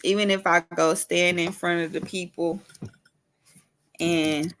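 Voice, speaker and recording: A woman's voice: on the low side, fairly even intonation, slow pace, fairly bright tone, a little hiss or hum. A woman urban farmer ranting in a casual vlog, emphatic and repetitive, cussing freely.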